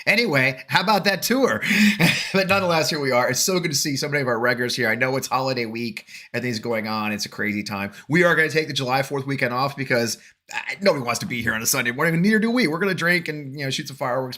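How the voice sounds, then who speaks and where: This political talk show host speaks in rapid bursts, his mid-range voice pushed and bright. Chatty and meandering, he chuckles at his own humor before earnestly rallying his audience to take action.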